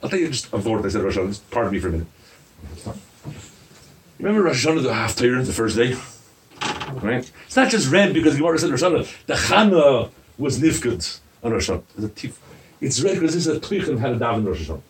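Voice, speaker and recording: A man preaching a sermon as a rabbi, animated and firing rhetorical questions at his listeners. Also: medium pitch, quick pace, pauses often, far from the mic, slight background noise.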